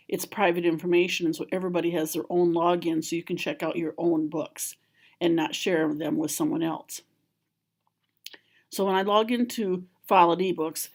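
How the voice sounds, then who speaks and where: A woman calmly walking through a software tutorial step by step, as a school library trainer. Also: fairly low pitch. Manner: calm, step-by-step explaining. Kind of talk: screen-recorded software tutorial.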